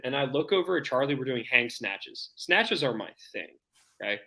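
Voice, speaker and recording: Man, bright tense voice, podcast co-host, jokey storyteller, casual. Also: medium pitch, a little fast. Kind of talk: casual chat.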